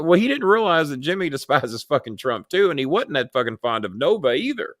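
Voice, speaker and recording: A man's voice: a little high, fairly quick, few pauses, no echo, clean studio sound. A man hosting a live show, telling blunt stories in a casual voice with lots of swearing. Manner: blunt, heavy swearing, animated retelling. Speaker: show host. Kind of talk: profane live-show storytelling.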